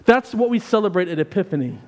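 A man's voice: sits high, big pitch swings, fast. A man with an American accent, a vicar giving a conversational sermon with anecdotes. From United States. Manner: conversational storytelling with asides. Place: church. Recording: long reverb of a church.

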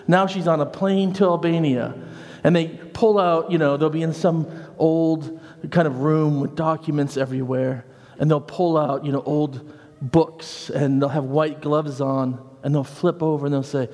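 A man gives a chatty, animated sermon in a church. His voice sits a little high and rings out with a long hall reverb. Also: moderate pace. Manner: lively, conversational, acts out quoted voices. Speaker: preacher.

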